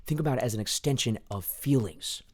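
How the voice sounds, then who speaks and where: A man coaching a choir on singing, talking quietly at home at night and losing his voice a little. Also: mid-range voice, brisk, slightly rough. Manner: quiet, hushed speech to avoid waking kids. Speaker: vocal coach. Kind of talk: casual coaching talk over recordings.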